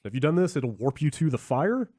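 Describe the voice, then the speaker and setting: A man's voice: fairly high pitch, very animated, warm tone, no echo, clean studio sound. A man co-hosting a podcast, explaining eagerly in casual chat, full of "like". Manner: fast, emphatic explaining, lots of "like". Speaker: podcast co-host.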